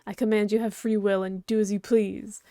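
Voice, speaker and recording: A woman's voice: medium pitch, level tone, normal speed, warm tone, no echo, studio quality, natural voice. A woman voicing a prim, snobbish and very strong male troll aristocrat, haughty and formal, reading a webcomic aloud. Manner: haughty, fussy, formal wording.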